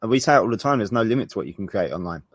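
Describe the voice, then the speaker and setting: Low-voiced man, dry sound. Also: expressive, racing, no room sound. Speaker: co-host. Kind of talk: live webinar Q&A.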